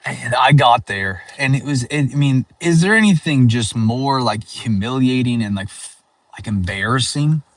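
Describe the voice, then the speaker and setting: A man's voice: mid-range voice, animated, normal speed, dry recording. A sleep-deprived comedian chatting casually as he drives, rambling with lots of fillers and restarts. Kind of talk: casual chat while driving. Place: in a car.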